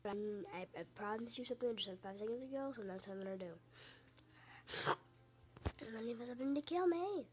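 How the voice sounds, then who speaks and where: A woman with a scratchy voice, talking quietly and haltingly with many fillers while commenting on her gameplay. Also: a little high, animated. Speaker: gamer.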